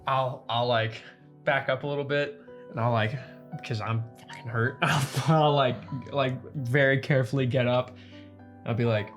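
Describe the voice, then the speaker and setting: A man playing a tabletop game, hesitant and filling with "like", quiet. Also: medium pitch, fairly even intonation, normal speed, faint music behind. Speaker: player. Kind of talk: tabletop role-play, casual.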